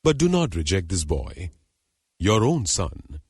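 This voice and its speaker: A man's voice: deep voice, huge pitch swings, slightly rough, no room sound, clean studio sound, full character voice. A man reading a proud wronged hermit's daughter. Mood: pleading. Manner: measured, formal, dignified recitation. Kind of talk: audiobook reading of a legend.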